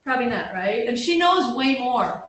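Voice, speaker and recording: A woman's voice: on the high side, very animated, moderate pace, fairly bright tone, far from the mic. Woman lecturing in a very echoey room. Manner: conversational and self-deprecating, with frequent restarts and "right?" check-ins. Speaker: campus counselor giving a workshop talk. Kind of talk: informal workshop lecture. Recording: very echoey room, voice picked up from afar, faint background hum.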